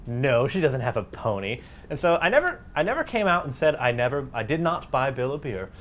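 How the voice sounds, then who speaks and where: A man's voice: medium pitch, fairly quick. A man co-hosting a casual podcast, telling a story with jokes. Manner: lively, joking storyteller. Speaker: podcast co-host.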